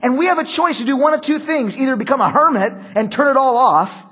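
Husky high-voiced pastor preaching. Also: male voice, fast, fairly bright tone. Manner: conversational, storytelling with acted quotes. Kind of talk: sermon.

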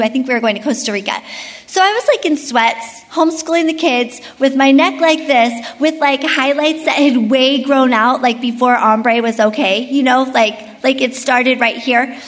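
A woman's voice: high voice, moderate pace, long reverb tail. A woman leading a Bible study, mixing chatty personal stories into devotional teaching, with many fillers. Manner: chatty, storytelling, frequent "like".

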